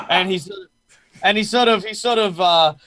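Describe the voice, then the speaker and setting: A man's voice: high-pitched, a bit bright. A man narrating as game master of a tabletop game, talking in a hesitant way with many fillers.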